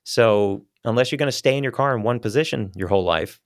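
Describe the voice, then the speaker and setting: A man who works as a voice actor, chatting in a relaxed, rambling way as an interview guest on a studio microphone. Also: medium pitch, quick pace, no echo. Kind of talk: casual interview chat. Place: small studio.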